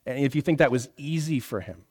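A man in his thirties, a pastor, delivers a conversational sermon in a reverberant hall, his medium-pitched voice brisk with a breathy edge. He teaches interactively, asking the room questions and often checking in with "right?".

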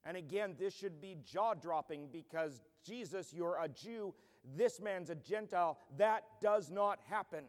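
A man pastor delivers an earnest, emphatic expository sermon in a fairly high voice. His speech carries a long reverb from a large church hall. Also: unhurried, hardly any pauses.

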